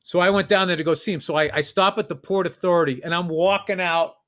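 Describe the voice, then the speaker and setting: A man's voice: high voice, steady tone, fast, a bit bright. A middle-aged man, telling a rambling, profane, self-mocking story on a podcast. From Massachusetts. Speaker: podcast host. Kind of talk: storytelling chat.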